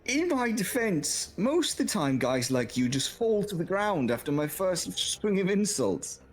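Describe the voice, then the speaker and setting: A man voicing a haughty bard in a tabletop game, pitched high and drawing out his words. He sounds mocking and sure of himself. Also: big pitch swings, unhurried, heavily acted. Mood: smug. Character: smug male bard who mocks his opponent.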